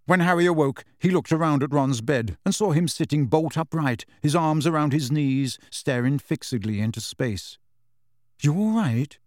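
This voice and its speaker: A man narrating an audiobook in a measured storytelling manner. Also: on the high side, dry recording, clean studio sound. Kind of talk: scripted narration.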